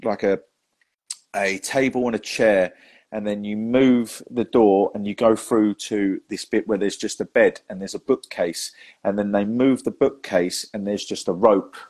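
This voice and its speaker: A man hosts a casual chat, telling stories with plenty of laughs. His voice sits fairly low and he talks in a loose, friendly way. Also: unhurried. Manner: chatty, laughs often, lively storytelling. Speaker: podcast host.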